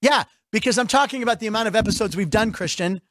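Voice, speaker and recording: High-voiced joking male show host. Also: a bit bright, no room sound, studio quality. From Pittsburgh. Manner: joking, rambling, quick asides to the chat. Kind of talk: casual comedic radio chat.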